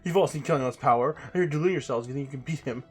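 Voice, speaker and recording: A man's voice: mid-range voice, racing, breathy edge, soft background music, lightly acted. A man voicing a grim, brooding young warrior in a game let's play.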